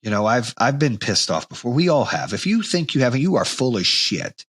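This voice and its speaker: This podcast host, a man in his forties, delivers a blunt pep talk sprinkled with offhand profanity, perking up noticeably when he acts out moments of anger. His medium-pitched voice is slightly rough and brisk, with no room sound at all.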